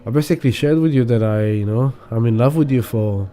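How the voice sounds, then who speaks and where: A man's voice: medium pitch, brisk, dark tone, soft background music, natural voice. A man voicing an awkward lovestruck fan. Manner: hesitant, filler-laden. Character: awkward infatuated male fan stalker.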